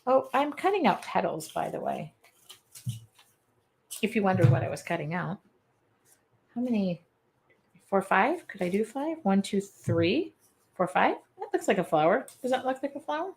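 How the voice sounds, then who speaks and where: A woman's voice: mid-range voice, sing-song, a little slow, gravelly, long pauses, slight background noise. A woman hosting a live art-journaling stream, chatting casually and rambling while she works and reads viewers' comments aloud. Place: home art studio with air conditioning running.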